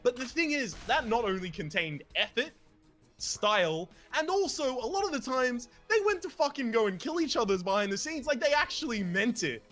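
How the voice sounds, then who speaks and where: A man's voice: very high-pitched, big pitch swings, normal speed, fairly bright tone, faint music behind. A man co-hosting a let's play, chatting casually while gaming in a rambling, opinionated way and swearing freely.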